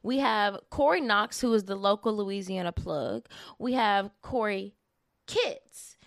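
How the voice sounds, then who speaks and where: A woman's voice: medium pitch, unhurried, creaky, no echo, studio quality. A woman co-hosting a casual true-crime podcast, chatty and self-deprecating. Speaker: podcast co-host.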